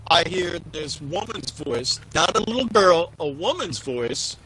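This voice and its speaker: A man casually telling a story with lots of swearing, acting out what each person said in an animated way. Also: fairly high pitch, a little slow, slight background noise, rough recording. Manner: profane, animated, acts out quotes. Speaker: podcast co-host.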